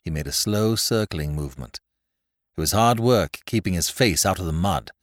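A man narrating a classic mystery novel in a lively, dramatic reading style. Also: low-pitched, moderate pace, no room sound, clean studio sound. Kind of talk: audiobook narration.

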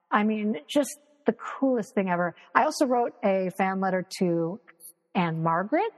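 In a casual interview over video call, a woman guest animatedly tells stories, acts out what others said, and swears freely. Her voice is medium-pitched, and the rough recording sounds as if made in a large hall.

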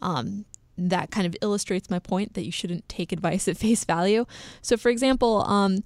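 A woman's voice: medium pitch, normal speed, a little mellow, dry recording. A young woman co-hosting a podcast, chatting casually with many fillers and small laughs. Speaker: podcast co-host. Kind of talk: casual chat.

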